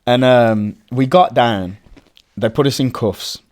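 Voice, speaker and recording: A man, a guest telling casual, animated stories and acting out the voices of people he quotes. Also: mid-range voice, slow. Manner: animated, acts out quoted voices, frequent swearing. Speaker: urban explorer guest. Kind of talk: casual storytelling chat.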